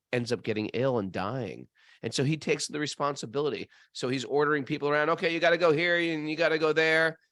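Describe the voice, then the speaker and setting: A man telling a story in casual chat, acting out the characters' voices and swinging his pitch widely. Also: no echo. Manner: animated storyteller, acts out voices in high falsetto. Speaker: podcast co-host.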